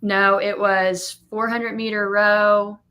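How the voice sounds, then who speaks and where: A young woman who owns a gym, chatting casually and telling stories with lively acted-out quotes. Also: medium pitch, slow, dull audio. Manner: animated storyteller, acts out quotes. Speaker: gym owner and coach. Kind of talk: casual podcast chat.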